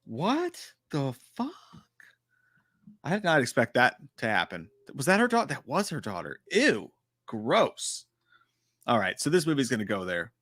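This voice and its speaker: Male live-stream host, lively swooping delivery, dry close sound, cusses freely and jokes around. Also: medium pitch, moderate pace, no room sound. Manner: profane, animated and joking. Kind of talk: casual live-stream chat reacting to horror trailers.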